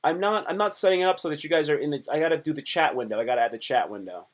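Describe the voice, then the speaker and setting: A man's voice: on the high side, rapid-fire. A man live streaming, chatting casually and rambling, cutting himself off and joking as he talks to his viewers. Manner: rambling, self-interrupting, playful joking.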